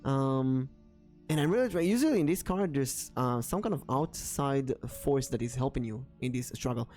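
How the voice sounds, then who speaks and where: A man hosting a casual tarot stream, talking in a rambling, halting way. His voice sits at a middle pitch. Quiet music plays underneath. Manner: rambling, animated when acting out dialogue. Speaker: tarot reader and streamer host. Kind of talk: casual storytelling and tarot reading. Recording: soft background music under the voice.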